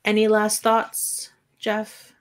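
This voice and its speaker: A woman co-hosting a podcast in casual chat, animated and giggly, with lots of fillers. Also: mid-range voice, slow. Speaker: podcast co-host.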